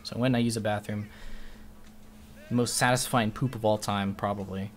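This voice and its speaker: This guy streams while rambling through a lengthy tale, swearing without restraint and doing lively impressions of the people he quotes. He talks briskly in a fairly low voice.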